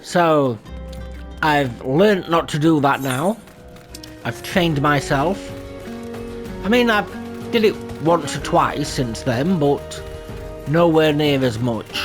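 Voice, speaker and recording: A man's voice: fairly high pitch, lively intonation, takes it slowly, long pauses. A man chatting casually over gameplay as a channel host, self-deprecating and prone to laughing at himself. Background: faint game music.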